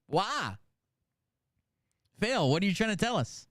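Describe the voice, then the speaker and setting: A man's voice: sits high, very animated, slow, fairly bright tone, no room sound, clean studio sound. A man hosting a reaction channel, mocking and swearing as he comments on a clip. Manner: mocking, profane.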